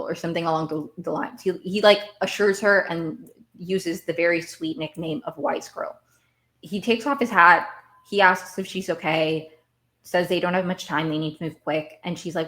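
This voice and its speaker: A woman with a slightly low voice talks through a TV episode as a podcast host. She rambles in a casual, animated way and repeats words as she works out her point. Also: normal speed. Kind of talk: casual TV recap.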